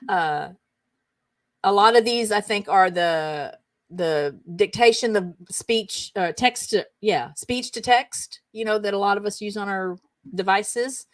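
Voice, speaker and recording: A woman hosts a comedy roundup show, reading funny text messages aloud and chatting about them with amusement. Her voice is mid-range with no echo.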